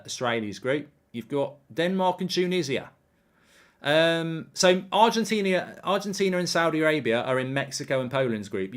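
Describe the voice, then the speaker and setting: A man hosting a live football watchalong, chatty and rambling with lots of ums. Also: mid-range voice. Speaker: host.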